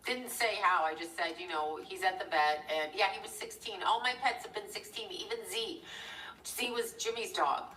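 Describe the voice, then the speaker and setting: A middle-aged woman hosts a live stream, telling a rambling, digressive story and breaking off to thank viewers. Her mid-range voice is pushed and bright at a moderate pace. She sits a bit far from the mic in an echoey room, with a little hiss or hum.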